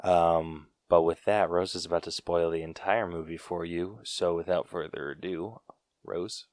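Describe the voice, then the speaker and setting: A young man hosting a podcast, talking in a relaxed, blunt and laid-back way. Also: low voice, unhurried, dry recording. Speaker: podcast host. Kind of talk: casual podcast chat.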